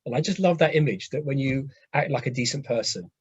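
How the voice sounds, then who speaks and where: Husky-voiced man telling lively anecdotes. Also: mid-range voice, brisk, no room sound. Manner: lively anecdotal storytelling, restarts phrases. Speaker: rabbi lecturer. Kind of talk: lecture to an online class. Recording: dull, dry lo-fi audio.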